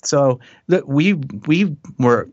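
A man's voice: fairly high pitch, animated, takes it slowly, dry recording, dull audio. A middle-aged man, a musician being interviewed, talking in a rambling, self-deprecating way and laughing often. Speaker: musician guest. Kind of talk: casual interview chat.

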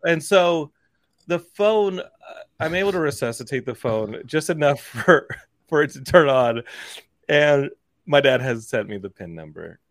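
Man, forties, podcast host, casual storytelling, gravelly, acts out voices. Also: medium pitch, a little slow, dry recording. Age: 40s. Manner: animated, acts out dialogue in quoted voices.

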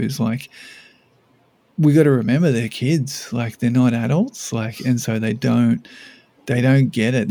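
Male podcast co-host, gravelly low-toned voice, loose rambling delivery. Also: mellow, no echo. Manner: rambling, many restarts and "like"s. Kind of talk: casual parenting podcast chat.

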